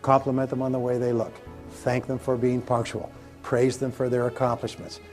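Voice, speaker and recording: A man's voice: mid-range voice, monotone, moderate pace, a little mellow, soft background music. A man giving a motivational seminar talk to a live audience, emphatic and repetitive, leading them in call-and-response. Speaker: motivational speaker.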